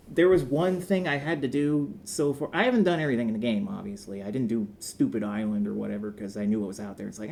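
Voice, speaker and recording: A man co-hosting a casual gaming podcast, animated and rambling, swearing freely. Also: medium pitch, a little hiss or hum. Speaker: podcast co-host.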